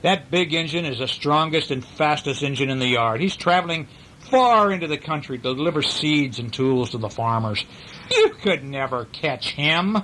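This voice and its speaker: A man voicing a smug small male toy engine in a storybook read to a child, talking in a slow, scoffing way. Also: on the high side, lively intonation, sharp tone, slight background noise, rough recording.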